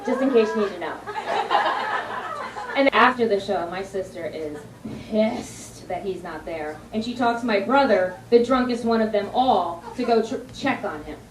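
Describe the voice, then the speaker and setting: Brash young woman doing stand-up. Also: on the high side. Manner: brash storytelling with punchlines. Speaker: stand-up comedian. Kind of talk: stand-up comedy set. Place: comedy club stage. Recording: roomy distant club recording. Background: audience laughter and room noise.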